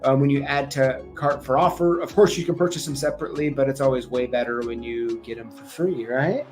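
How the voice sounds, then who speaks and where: A man's voice: mid-range voice, fairly quick, darkish tone. A man hosting a casual live show, chatting loosely with lots of ums and easy laughs. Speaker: show host. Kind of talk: casual livestream chat. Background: faint music playing.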